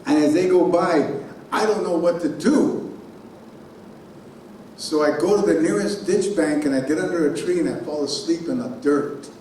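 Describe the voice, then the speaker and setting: A man giving a keynote speech in a conference hall, telling a personal story in an animated way and sounding out noises himself. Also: fairly high pitch, normal speed, slight background noise. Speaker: keynote speaker. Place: conference hall on a college campus. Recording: very echoey hall from far off.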